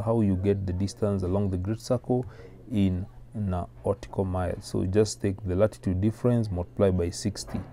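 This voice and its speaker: A man with a Kenyan accent, tutoring maths step by step in a methodical way and pausing often with "uh". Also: fairly low pitch, dark tone. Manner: methodical, explains slowly with many "uh" pauses.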